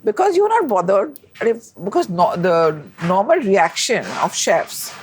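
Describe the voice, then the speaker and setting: A woman food critic, talking emphatically in a conversational interview, her pitch jumping up when she gets excited. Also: moderate pace, a little hiss or hum. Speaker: food critic and author, guest.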